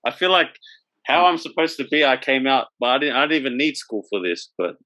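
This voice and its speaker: Bright lively man, dry close sound. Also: mid-range voice, no echo, low-quality recording. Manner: laughing, reflective, halting with fillers. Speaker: podcast co-host. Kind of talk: casual chat.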